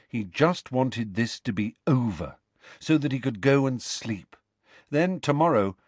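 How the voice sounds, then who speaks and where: A man reading a novel aloud as narrator, steady and expressive. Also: fairly low pitch, no room sound. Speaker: audiobook narrator. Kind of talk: scripted narration.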